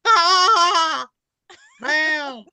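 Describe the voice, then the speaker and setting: A man's voice: expressive, very slow, pushed and bright, no echo, full character voice. A man doing a wailing, panicked shark victim. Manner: frantic, high and pleading.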